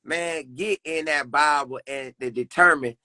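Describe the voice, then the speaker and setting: A man's voice: a little high, measured pace, bright, forceful tone, no room sound. A young man talking earnestly about faith as a podcast guest, repeating phrases in a preacherly way. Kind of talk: casual faith conversation.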